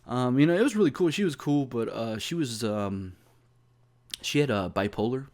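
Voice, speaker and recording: A man's voice: mid-range voice, animated, moderate pace, a little mellow. A young man telling a personal story in a casual vlog, rambling and profane, full of fillers and restarts. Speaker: YouTuber.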